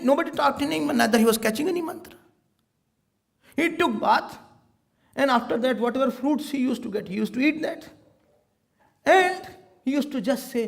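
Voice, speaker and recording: A man tells a sacred story in a sermon, with a high and gravelly voice. His pitch swoops widely as he acts out the people in the tale. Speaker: swami giving a spiritual discourse.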